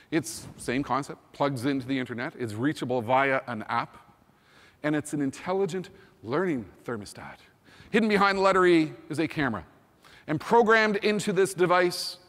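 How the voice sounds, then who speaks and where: Man, fifties, keynote speaker, emphatic, energetic, fairly high voice, reverberant hall. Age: 50s. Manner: energetic, emphatic, repeats "think about" and "you know". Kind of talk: conference keynote talk.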